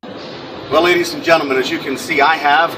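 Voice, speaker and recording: A man's voice: fairly high pitch, steady tone, normal speed. A man hosting a casual podcast interview, joking and rambling. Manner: jokey, rambling. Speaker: podcast host. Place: outdoors in a city, trains nearby. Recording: distant mic, clear street noise.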